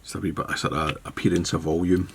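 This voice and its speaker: A man giving a casual step-by-step fly tying demonstration, relaxed and thinking aloud as he works with his hands. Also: sits low, fast talker, gravelly, a little hiss or hum.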